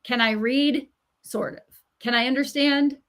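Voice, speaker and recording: A woman's voice: high-pitched, unhurried. A middle-aged woman, an author and writing coach, speaking as a guest in a podcast interview. She tells stories with animation, acts out the voices she quotes, and speaks with emphatic encouragement. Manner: animated storyteller who acts out quoted voices and laughs often.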